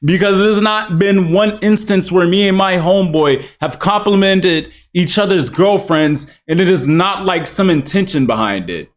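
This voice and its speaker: A man's voice: high voice, moderate pace, hardly any pauses. Blunt young man reacting casually. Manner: blunt, rambling, swears. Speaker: reaction video host.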